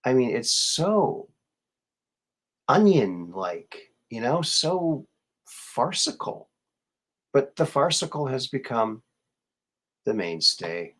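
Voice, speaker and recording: A man in a mid-range voice hosts a casual live show, talking slowly and taking his time. He muses and rambles, trailing off into fillers and restarting his sentences. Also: mid-range voice, big pitch swings, a bit bright. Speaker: show host.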